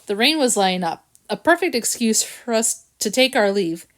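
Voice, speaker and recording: Lively woman reading a storybook aloud. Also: fairly high pitch, normal speed. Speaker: audiobook reader. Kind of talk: storybook narration with character voices.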